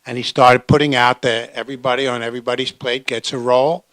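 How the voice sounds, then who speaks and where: Brief: deliberate male labor organizer with frequent throat-clearing, mid-range voice. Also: medium pitch, level tone, fairly bright tone, no echo. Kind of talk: panel discussion, storytelling.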